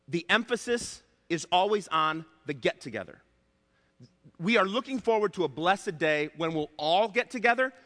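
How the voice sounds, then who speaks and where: A man's voice: a little high, pushed and bright. Emphatic male pastor in a reverberant hall. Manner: emphatic, repeats key points, slows for stress. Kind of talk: sermon.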